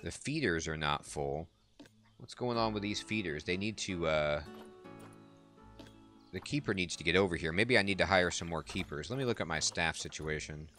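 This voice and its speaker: Low-voiced man chatting over gameplay. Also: normal speed, pushed and bright, faint music behind. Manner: chatty, amused, talks to the animals. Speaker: let's play host. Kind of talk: casual game commentary.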